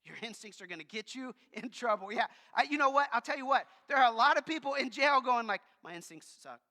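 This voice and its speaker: A man preaching a sermon to his congregation, a loud talker who speaks in an animated, conversational way. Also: very high-pitched, fast talker. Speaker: pastor. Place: church sanctuary with congregation. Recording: long reverb of a large church hall.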